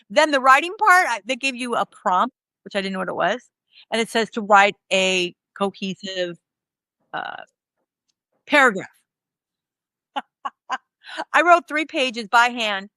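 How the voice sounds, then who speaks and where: A woman in her fifties, a guest in an interview, telling candid stories in a rambling, animated way and acting out the dialogue. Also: a little high, no room sound. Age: 50s. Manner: rambling, animated, acts out quoted dialogue with laughs.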